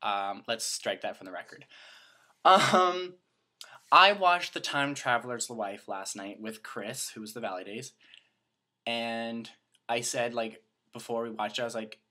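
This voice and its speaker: Bright-voiced chatty young Canadian man. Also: medium pitch. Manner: chatty, rambling, self-mocking. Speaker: vlogger. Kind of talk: casual chat to camera.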